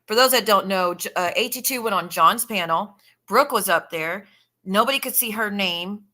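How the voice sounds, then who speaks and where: A woman's voice: medium pitch, normal speed, pushed and bright. A woman hosting a casual live stream, talking bluntly with plenty of swearing and thanking viewers in the chat as she scrolls through messages. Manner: blunt and profane, chatting with viewers while scrolling. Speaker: livestreamer.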